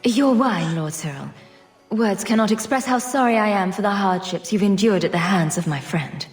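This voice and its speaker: A woman's voice: medium pitch, moderate pace, echoey room, faint music behind, natural voice. An actress voicing a dry-witted female hero in a fantasy video game, speaking in a sardonic way. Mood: wry.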